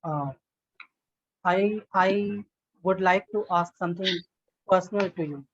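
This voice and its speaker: A man's voice: sits high, slow, highs cut off. A man practicing spoken English in an online lesson, talking hesitantly with restarts and "I mean"s. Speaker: English learner. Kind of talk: online one-on-one speaking lesson. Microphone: video call.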